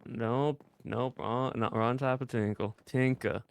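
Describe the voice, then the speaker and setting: Halting casual man, co-player. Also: medium pitch, steady tone, creaky. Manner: halting, casual, hedging with fillers. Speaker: game co-player. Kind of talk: casual in-game chat.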